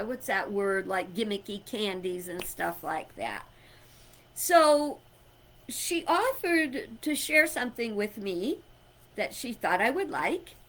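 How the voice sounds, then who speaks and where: A woman's voice: on the high side, fairly bright tone. A middle-aged woman giving an inspirational talk, emphatic and conversational, telling personal stories and chuckling. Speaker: spiritual speaker.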